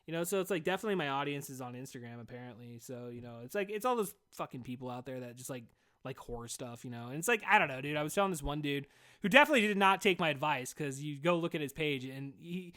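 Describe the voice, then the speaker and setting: A man's voice: fairly high pitch, animated, quick pace, pushed and bright. A man hosting a solo podcast in a rambling, casual monologue, swearing constantly and saying "dude" a lot. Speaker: podcast host.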